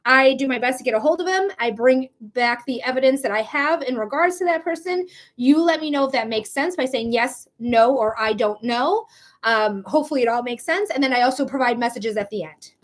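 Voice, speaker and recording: A woman's voice: high voice, a little fast. A woman hosting a live psychic reading stream, chatting casually in a blunt, profane way with frequent laughs. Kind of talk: casual livestream chat.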